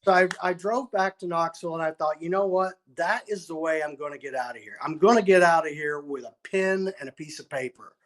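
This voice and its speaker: Animated storytelling man, raised pitch. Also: fairly quick, few pauses. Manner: animated, acts out quotes, restarts often. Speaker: musician guest. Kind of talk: storytelling interview.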